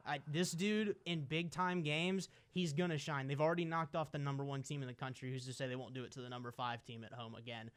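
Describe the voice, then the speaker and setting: A man trades college football picks on a podcast in a smooth, clear voice. He talks with emphatic, playful energy and gets excitable when he backs an underdog. His delivery stays casual throughout. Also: medium pitch, fast talker, few pauses. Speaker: podcast co-host. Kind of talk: casual sports chat.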